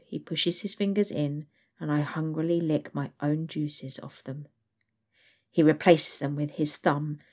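A woman reading a first-person erotic story aloud in a hushed, intimate storytelling manner. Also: low voice. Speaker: narrator.

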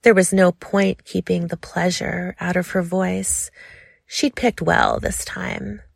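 A woman reads a sensual story slowly and softly, taking her time. Her voice sits low with a gravelly fry. The recording is close and dry. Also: level tone, dry recording. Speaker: narrator. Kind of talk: sensual audiobook narration.

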